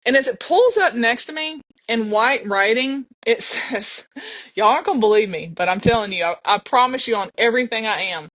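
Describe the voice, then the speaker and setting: A woman's voice: a little high, animated, brisk, a bit bright, no echo. A middle-aged woman, telling a personal story earnestly on a podcast. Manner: earnest, emotional, with restarts and laughs. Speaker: podcast guest. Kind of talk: casual storytelling.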